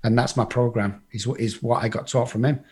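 Husky-voiced man, recovery speaker, salty storyteller who plays every part himself. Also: medium pitch, steady tone, fairly quick, a little mellow. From England. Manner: blunt and profane, acts out the voices in his story. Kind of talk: personal storytelling to a live group.

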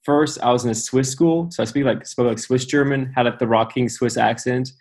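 A man's voice: medium pitch, steady tone, brisk, a little mellow. Upbeat man with a slight mixed accent. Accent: mixed international English, slight. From born in Amsterdam, raised abroad. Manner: upbeat, chatty, laughs easily. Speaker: guest. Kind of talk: casual interview chat.

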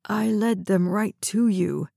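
A woman's voice: mid-range voice, slow pace, gravelly, dark tone, dry recording, clean studio sound, exaggerated voice. A woman reading the part of an anxious, trusting young woman, speaking hesitantly. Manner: hesitant, trembling.

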